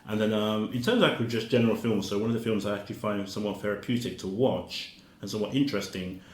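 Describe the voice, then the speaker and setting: Brief: low-pitched man, author guest, halting and filler-heavy, echoey room. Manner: hesitant, many fillers and repeated words. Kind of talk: casual conversation.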